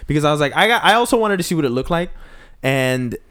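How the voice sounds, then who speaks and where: Animated young man telling stories. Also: a little high, fast, clean tone. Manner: animated storyteller, swears freely, laughs often. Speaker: actor. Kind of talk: casual chat.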